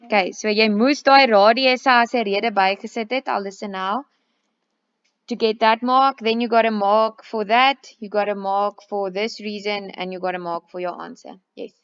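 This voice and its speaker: A woman's voice: medium pitch, steady tone, moderate pace, fairly bright tone, clear, resonant tone. A woman with a South African accent, teaching a maths class and going over a test step by step, moving between English and Afrikaans. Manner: switches between English and Afrikaans while explaining; patient, step-by-step explaining. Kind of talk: classroom test review lesson. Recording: slightly dull, lo-fi recording.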